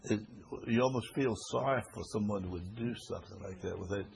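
Guy with a lowish voice leading a bible class, folksy, repeats himself a lot, bit of faint hiss. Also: fairly quick, vocal fry, a little mellow. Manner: folksy, repeats phrases for emphasis. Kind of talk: Bible study lesson with scripture reading.

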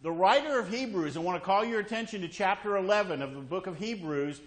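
A man's voice: high voice, quick pace. A man preaching a sermon, emphatic and repetitive, often checking in with listeners by asking "okay?". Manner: emphatic, repeats key words. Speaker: pastor.

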